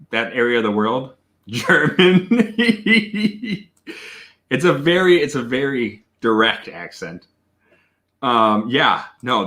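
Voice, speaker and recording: A man hosts a casual livestream tasting, his voice bright and ringing and his pitch swinging widely as he reacts. He talks slowly, lingering over his words, and breaks into excited, profane exclamations between answers to his viewers. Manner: reads and answers viewer chat. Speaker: whiskey reviewer and host.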